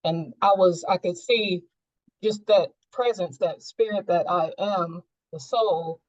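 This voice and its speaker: A woman's voice: on the low side, takes it slowly, a little mellow, no echo, dull audio. A woman sharing a personal experience in a group coaching session, reflective and searching, with many fillers.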